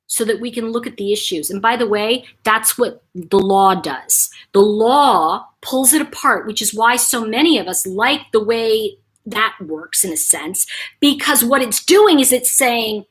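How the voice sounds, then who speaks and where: Brief: a woman from New York State as a livestream host, lively pitch, slightly husky. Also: moderate pace. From Buffalo, New York, USA. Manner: animated, talks in dramatized quotes. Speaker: channel host. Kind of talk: livestream chat.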